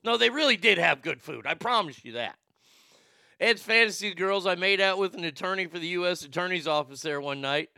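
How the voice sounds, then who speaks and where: A man hosting a live stream, reading out chat messages in a casual, animated way, with sudden loud bursts. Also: a little high, smooth, no echo, clean studio sound. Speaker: livestream host reading chat.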